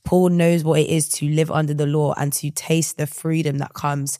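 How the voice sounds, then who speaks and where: A podcast co-host in a casual Bible study chat, lively and slangy, speaking enthusiastically about scripture. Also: mid-range voice, normal speed, no room sound, studio quality.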